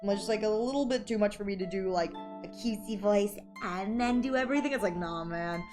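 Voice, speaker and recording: A woman VTuber streamer chatting casually in a gremlin-like rather than cutesy voice, rambling and excitable, often breaking into high squeals and laughter. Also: a little fast. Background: background music.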